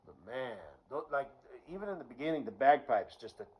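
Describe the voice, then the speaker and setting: Guy rambling to camera, swears a lot, lively up-and-down voice. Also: mid-range voice, a little fast, poor audio. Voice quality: rambling and profane, with frequent fillers. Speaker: vlogger. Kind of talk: rambling solo monologue.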